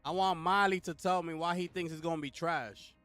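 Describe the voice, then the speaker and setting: Young male streamer, high-pitched, hyped slangy chat host, faint music underneath. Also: fairly even intonation, a little fast, a bit bright. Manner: hyped, talks straight to chat with repeated slang call-outs. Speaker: livestream host. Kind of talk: casual live co-stream chat.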